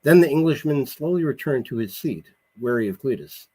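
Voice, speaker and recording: A male author reads from his novel with lively, rising-and-falling pitch. His voice is husky and his narration is expressive. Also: brisk, rough recording. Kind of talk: reading his novel aloud.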